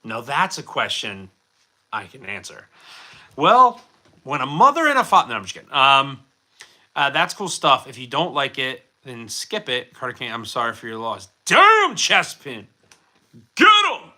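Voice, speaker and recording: A man's voice: medium pitch, sing-song, moderate pace, bright, forceful tone. A man hosting a casual livestream, answering viewer chat in a rambling, jokey way with lots of fillers. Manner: rambling and chatty with many fillers; self-deprecating and jokey. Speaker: livestream host.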